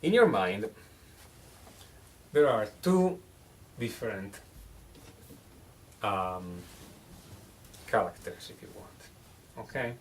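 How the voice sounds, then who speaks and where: A man's voice: on the low side, sing-song, extremely slow, long pauses, recorded from a distance, a little hiss or hum. A man teaching songwriting in a casual one-on-one lesson, joking and often restarting his phrases.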